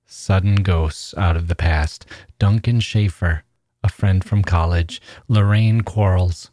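Podcast host as narrator: man, low voice, measured literary reading, dry sound. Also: dark tone, no echo.

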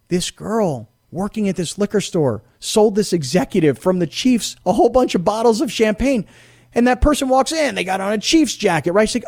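A man hosting sports talk radio, telling stories in an animated, chatty way. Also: sits high, moderate pace. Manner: animated, storytelling, mock voices.

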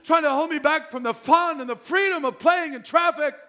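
A man's voice: very high voice, fairly quick, bright, forceful tone. A man voicing a whining young boy pleading with his father. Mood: whiny. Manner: pleading, exaggerated whine. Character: whiny young boy begging his dad.

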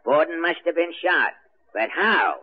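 Guy doing a croaky smart-mouth inspector, tough slang, bouncy high-ish voice, muffled old radio. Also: expressive, a little slow. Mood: wisecracking. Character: brash wisecracking male police inspector. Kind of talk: 1940s radio comedy acting. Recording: muffled 1940s radio broadcast recording.

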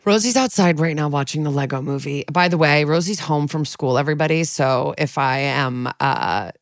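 A woman's voice: deep voice, moderate pace, no echo, clean studio sound. An American woman co-hosting a podcast from home, talking in a rambling, giggly way with many fillers. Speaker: podcast co-host. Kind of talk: casual chat. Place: home recording space.

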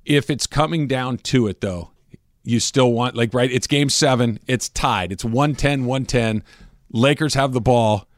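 A man's voice: mid-range voice, unhurried, no room sound. A man hosting sports talk radio from a studio, emphatic and repeating himself to press a point. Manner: emphatic, repeats words to drive points home. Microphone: studio microphone.

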